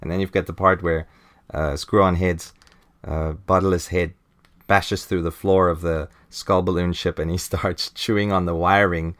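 A man with a low voice talks through a comic book in a relaxed podcast chat. He laughs now and then and jumps into high, squeaky put-on voices whenever he reads a character's lines. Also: normal speed. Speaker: podcast host. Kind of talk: casual comic book review.

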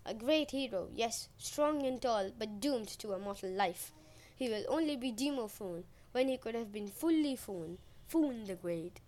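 A woman's voice: a little high, animated, a little slow, darkish tone. A woman voicing an imperious goddess disguised as an old woman, scolding and exasperated.

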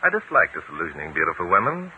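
Barton Drake, deep suave detective. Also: male voice, wildly swooping pitch, fast, slight background noise. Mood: calm. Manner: cool, polished, dry. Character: suave tall gentleman detective, adult man. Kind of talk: 1940s radio acting. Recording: tinny old 1940s radio broadcast.

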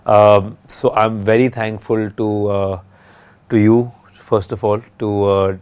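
A man's voice: lowish voice, little pitch movement, takes it slowly, a little mellow, clear, resonant tone. A man in his thirties co-hosting a casual podcast with his wife, rambling and joking, tired from lack of sleep. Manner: rambling, joking, self-interrupting. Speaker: podcast co-host. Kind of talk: casual couple's podcast chat.

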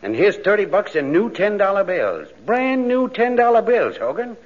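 An actor playing a dim-witted police sidekick in a 1940s radio comedy, with slow tough-guy talk. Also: high voice, big pitch swings. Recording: dull old radio recording.

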